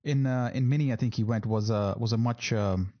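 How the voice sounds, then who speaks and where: A man's voice: mid-range voice, fairly quick, highs cut off. A man hosting a casual sports podcast, rambling and repeating words between fillers. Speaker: podcast host.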